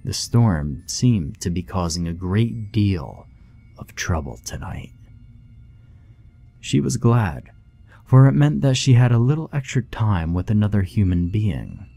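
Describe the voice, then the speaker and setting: A man narrating a horror story in a hushed, measured, scripted manner. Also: fairly low pitch, sing-song, creaky. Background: faint music.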